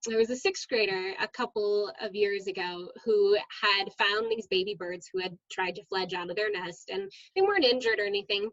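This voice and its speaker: A woman, a middle school science teacher, chatting as a guest in an interview and telling lively stories with frequent "um"s. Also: medium pitch, no echo, lo-fi sound. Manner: lively storyteller, many "um"s. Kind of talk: casual interview storytelling.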